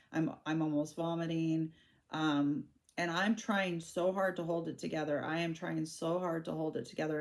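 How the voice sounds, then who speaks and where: A woman in her forties with a low voice talks straight to her viewers. She is candid and halting, often breaking off and restarting her sentences as she tells her own story. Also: vocal fry, darkish tone. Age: 40s. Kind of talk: personal storytelling to camera.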